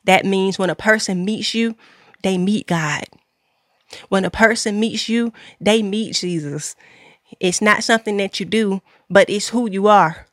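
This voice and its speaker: A woman's voice: medium pitch, a little slow, no echo, clean studio sound. A woman podcast host, giving an earnest faith-based talk to her listeners, repeating key lines with preacher-like emphasis.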